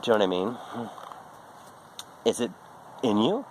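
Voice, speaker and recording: A man's voice: on the low side, sing-song, normal speed, slight background noise, low-quality recording. A middle-aged man, rambling through a casual, profane monologue full of restarts and asides. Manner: rambling, profane, self-interrupting. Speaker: vlogger.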